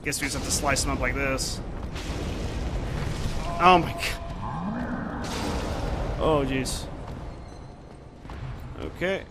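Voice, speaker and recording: A man's voice: mid-range voice, very slow, gravelly, pauses often. A young man commenting on his own gameplay, talking to himself and swearing often when frustrated. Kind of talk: let's play commentary. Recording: steady noise behind the voice.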